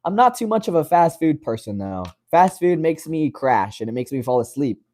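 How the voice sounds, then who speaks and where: Young livestream host from West Virginia, slightly high voice, easygoing, keeps calling viewers brother. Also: male voice, very animated, normal speed, mellow. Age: 20s. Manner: friendly, calls viewers brother, laughs often. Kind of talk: casual livestream chat reading comments.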